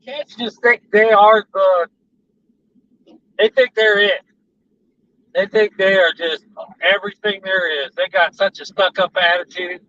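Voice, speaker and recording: A man talks casually as he drives on the highway, vlogging in a rambling, chatty storytelling style. His high-pitched voice sounds pushed and bright, and the in-car recording is distant and dull, with road noise.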